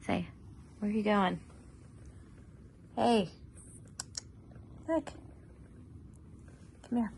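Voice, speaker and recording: A woman at home filming her cat on a phone, coaxing it in slow, repetitive, sing-song baby talk. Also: mid-range voice, creaky, a little mellow, slight background noise.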